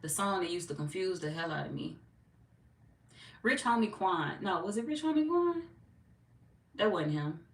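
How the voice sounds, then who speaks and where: A relaxed, chatty woman with a fairly low voice, talking loosely like she's hanging out with viewers. The sound is roomy and echoey, and she is set back from the mic with steady noise underneath. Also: moderate pace, pauses often. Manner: laid-back, chatty, reads out viewer comments. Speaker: tarot reader. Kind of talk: casual live-stream chat. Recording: echoey room, mic far off, noisy.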